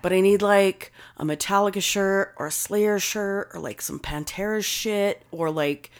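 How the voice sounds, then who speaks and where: A young woman co-hosting a casual chat, brash and profane, getting loud when worked up. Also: medium pitch, measured pace, clear, resonant tone. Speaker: podcast co-host.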